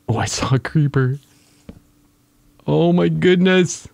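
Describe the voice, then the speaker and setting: A man narrating his own game play as he goes, an excitable gamer who exclaims at the creatures he finds. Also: fairly high pitch, slow pace, gravelly, long pauses, no room sound. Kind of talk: casual gaming commentary.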